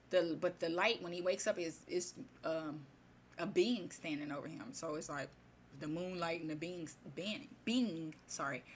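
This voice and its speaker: A woman's voice: on the low side, a bit bright, a little hiss or hum. A woman casually retelling a fairy tale in her own words, rambling and chatty, with many restarts. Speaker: storyteller.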